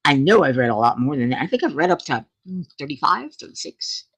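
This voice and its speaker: A woman chats on her own channel in a slow, low-pitched voice with a breathy huskiness. Her pitch swings widely, and she laughs often, keeping the talk playful and relaxed. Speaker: channel host. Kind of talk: casual chat to viewers.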